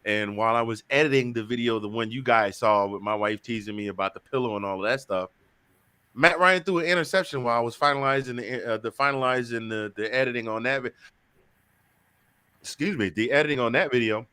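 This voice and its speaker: A chatty man hosting a sports talk stream, joking around and repeating himself as he talks. His voice is bright and forward, and the sound is dry and close to the mic. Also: medium pitch, fairly quick, clean tone, dry recording. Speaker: show host. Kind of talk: casual sports talk show.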